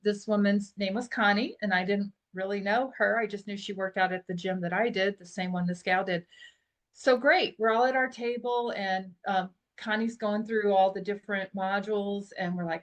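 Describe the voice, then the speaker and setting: A middle-aged woman guesting on a podcast, telling a personal story in a lively, chatty way with frequent laughs. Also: medium pitch, moderate pace. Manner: animated storyteller who laughs often. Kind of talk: casual storytelling interview.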